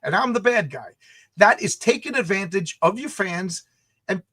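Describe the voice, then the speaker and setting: A man's voice: high voice, moderate pace. A man ranting and acting out quotes in a heated livestream conversation about comics. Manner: animated, ranting, acts out quotes. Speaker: comic creator and channel host.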